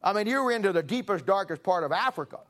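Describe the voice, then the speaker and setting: A middle-aged man preaching a sermon, telling stories in a folksy way and building to forceful emphasis. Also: high voice, expressive, quick pace. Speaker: pastor. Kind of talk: storytelling sermon.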